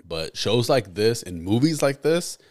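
A man's voice: medium pitch, big pitch swings, unhurried, darkish tone. A man co-hosting a casual podcast chat with an easygoing, slangy manner who sometimes gropes for words. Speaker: podcast co-host.

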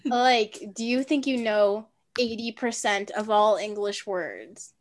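A woman's voice: mid-range voice, takes it slowly. A teenage girl co-hosting a podcast, chatting casually and offering reassurance. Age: teens. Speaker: podcast co-host. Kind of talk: casual chat.

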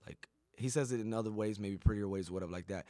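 Low dry voiced guy hosting a podcast, swears a lot, keeps saying right. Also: quick pace, dark tone, dry recording. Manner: profane, rambling, keeps asking "right?". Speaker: podcast host. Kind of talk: casual podcast chat.

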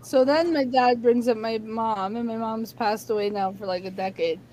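A woman's voice: on the high side, normal speed, very noisy. A woman in her thirties chatting casually, telling a personal story and acting out the dialogue with lots of laughing. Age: 30s. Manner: animated storyteller who acts out quoted dialogue and laughs often. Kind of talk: casual chat.

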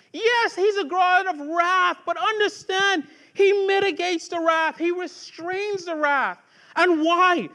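A man with a very high, bright and forceful voice preaches a sermon to his congregation. He talks conversationally, with asides and restarts, then builds to fervent rhetorical questions. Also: takes it slowly. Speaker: pastor.

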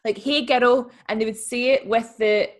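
A woman's voice: a little high, level tone, brisk. A young woman, co-hosting a casual podcast, opinionated and playful. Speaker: podcast co-host. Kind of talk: casual chat.

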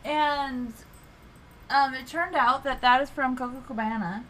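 A young woman co-hosts a podcast in loose, casual chat. She laughs often and swears freely. Her voice sits fairly high. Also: measured pace, fairly bright tone, a little hiss or hum. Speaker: podcast co-host.

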